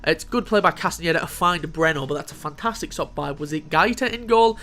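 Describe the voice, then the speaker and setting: A man giving casual, excitable commentary on a football video game, swearing freely and talking to his players. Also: on the high side, a little fast. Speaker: gaming video host.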